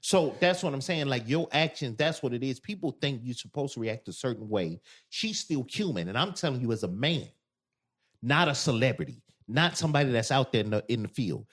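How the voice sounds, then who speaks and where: A man co-hosting a podcast in casual chat, telling animated stories and loudly acting out quoted lines. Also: medium pitch, husky. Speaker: podcast co-host.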